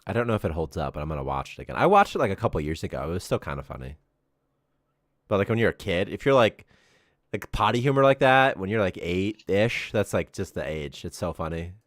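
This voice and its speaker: A man in his thirties chatting casually on a live development stream, telling rambling, animated stories and laughing often. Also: low voice, fairly quick, no echo, clean studio sound. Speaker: game developer co-hosting a dev stream.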